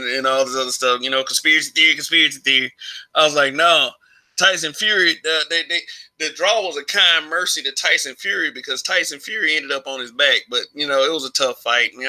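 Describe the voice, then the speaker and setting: A man's voice: medium pitch, bright, forceful tone, rough recording. A man giving a rambling, casual opinion monologue for his online channel, full of restarts and chuckles. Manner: rambling, frequent restarts and laughs. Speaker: YouTube commentator.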